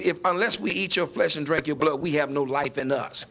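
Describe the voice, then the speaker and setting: A man's voice: fairly high pitch, brisk, creaky, bright, forceful tone. A man preaching a sermon verse by verse, emphatic and building to raised points.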